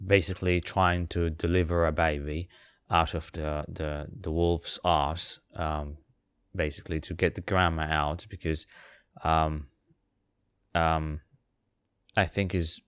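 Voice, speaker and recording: Low-voiced man, rambling comic storyteller. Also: smooth, dry recording, studio quality. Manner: rambling, sarcastic, lots of fillers and restarts. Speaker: podcast host.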